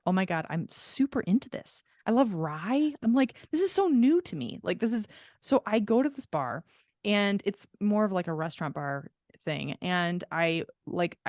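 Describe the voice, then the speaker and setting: A woman's voice: fairly low pitch, a little mellow, dry recording. A woman co-hosting a podcast in casual chat, telling a long story with lots of laughter and casual swearing. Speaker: podcast co-host.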